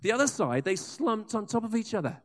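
A man preaching a sermon, telling revival stories with lively asides and frequent restarts. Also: high-pitched, brisk. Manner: animated storyteller with asides and restarts. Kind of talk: sermon storytelling.

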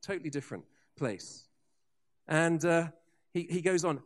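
Man, preacher, sermon, high-pitched, animated storytelling, casual asides. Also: unhurried.

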